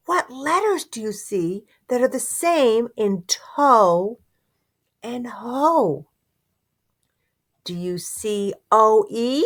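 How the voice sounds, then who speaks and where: A woman teaching phonics to young children, sounding out words slowly and encouraging them, sometimes dropping to a whisper. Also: a little high, very animated, fairly bright tone.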